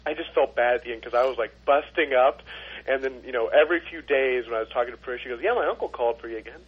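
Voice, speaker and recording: A man's voice: mid-range voice, fast talker, breathy edge. A man guest on a podcast, telling a rambling story in casual chat. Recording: dull lo-fi sound.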